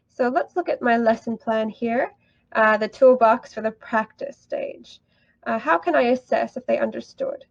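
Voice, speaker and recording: A woman's voice: on the high side, unhurried, vocal fry, no room sound, dull audio. A woman teaching an online English lesson, upbeat and encouraging, praising students often.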